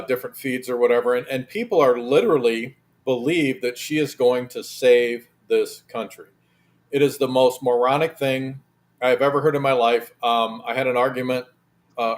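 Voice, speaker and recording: A man on a political talk panel, exasperated and rambling, with frequent restarts. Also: medium pitch. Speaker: panel guest. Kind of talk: casual political chat.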